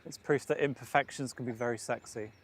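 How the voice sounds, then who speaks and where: A man co-hosting a live stream in casual commentary, relaxed and making jokey remarks. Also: medium pitch, fairly quick, no room sound.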